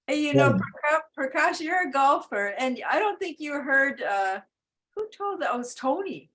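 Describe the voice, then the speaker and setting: A woman's voice: high voice, big pitch swings, moderate pace, fairly bright tone, poor audio. A woman on a video call telling a joke hesitantly, stopping to correct herself. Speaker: participant in a group video call. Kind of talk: casual chat, telling a joke.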